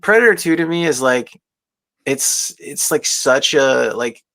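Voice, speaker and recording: A man's voice: mid-range voice, expressive, unhurried, sharp tone. A young man chatting casually about movies, rambling with many fillers and restarts. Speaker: movie discussion guest.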